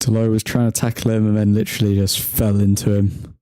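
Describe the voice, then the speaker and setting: A man's voice: lowish voice, flat delivery, a little fast, warm tone, clean tone, dry recording, clean studio sound. A young man hosting a football watchalong stream, joking and bantering with viewers in the chat and laughing often. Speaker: livestream host reading chat.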